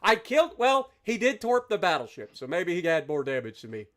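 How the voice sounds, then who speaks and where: A man live-streaming a game, talking to his chat and thanking donors with loud, exaggerated reactions. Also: high voice, sing-song, brisk.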